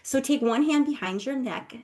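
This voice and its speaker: A woman who works as a somatic healer leads a guided breathing exercise, giving soft-spoken, calm instructions and affirming encouragement. Her voice sits high and she speaks at a normal speed.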